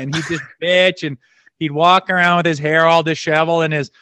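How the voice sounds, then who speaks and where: A man's voice: on the high side, steady tone, a little fast, sharp tone, no echo. Laid-back male storyteller, dry close sound. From Canada. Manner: laid-back, laughing, swears freely. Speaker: podcast guest, former hockey player. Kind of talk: casual storytelling.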